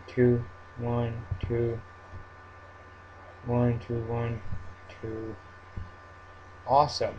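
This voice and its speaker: A man's voice: medium pitch, slight background noise. Hyper rambling male gamer, lo-fi. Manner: hyper, rambling, goofy jokes. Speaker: Minecraft let's-play vlogger. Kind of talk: casual game commentary.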